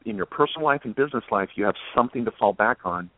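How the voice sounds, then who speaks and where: A man hosts a panel chat with an effusive, eager manner, stumbling and repeating himself as he goes. His voice sits at an ordinary pitch and comes through a narrow, phone-like band. The sound is dry, with no room around it. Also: expressive, rapid-fire, dry recording. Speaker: host. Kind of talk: casual talk show chat. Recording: tinny phone-like line, dry.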